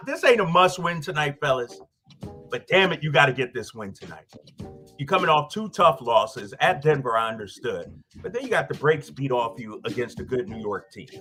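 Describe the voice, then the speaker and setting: A man hosting sports radio, ranting in a fired-up, animated way straight at rival fans. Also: fairly high pitch. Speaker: sports radio host and team broadcaster. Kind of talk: casual sports talk rant.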